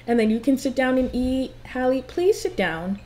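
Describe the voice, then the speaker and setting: Young woman, gaming commentary, bubbly and gushing, voice on the higher side but soft and mellow in tone. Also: normal speed, a little hiss or hum. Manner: gushing, excitable, high swoops on exclamations. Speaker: gameplay commentator. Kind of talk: casual game commentary.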